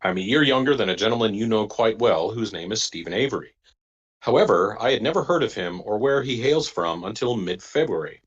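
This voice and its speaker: A man's voice: fairly low pitch, husky, muffled recording. A man on a casual group call reading a viewer's letter aloud, stumbling on words and adding wry asides. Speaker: podcast panelist.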